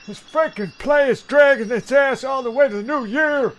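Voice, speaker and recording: A man heckling the play from offstage in a comedy sketch, gruff, impatient and exasperated. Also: extremely high pitch, normal speed, fairly bright tone.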